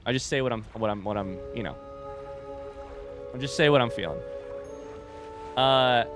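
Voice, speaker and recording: A man's voice: mid-range voice, moderate pace, music in the background. A man streaming a game live, chatting casually and rambling to his viewers. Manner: rambling, chatty, addresses chat directly. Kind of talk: casual livestream chat while gaming.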